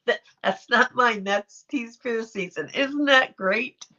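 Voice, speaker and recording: A woman's voice: fairly high pitch, unhurried, sharp tone. A middle-aged woman hosting a livestream, chatting casually and affectionately as she reacts to viewer comments. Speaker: livestream host reading chat. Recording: dull lo-fi livestream audio.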